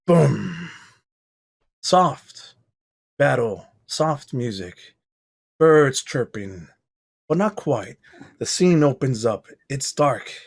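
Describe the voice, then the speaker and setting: A man sets the scene as game master of a tabletop role-playing game, walking through it like a film camera. His voice sits at an ordinary middle pitch. He sounds relaxed and chatty. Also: drawn-out words, creaky, long pauses, slightly rough. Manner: cinematic scene-setting narration; playful banter with players.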